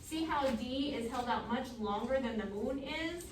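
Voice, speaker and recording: A woman choir teacher with a high voice gives brisk, encouraging instructions and sings bits of the music to show how it goes. She sounds a good way off from the mic, and her voice rings around a reverberant rehearsal room. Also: noisy background. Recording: echoey room, mic far off.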